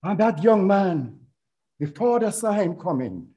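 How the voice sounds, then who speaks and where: High-voiced middle-aged male preacher. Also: very animated, measured pace, dark tone, lo-fi sound. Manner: storytelling preacher, retelling a parable and quoting scripture. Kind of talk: sermon.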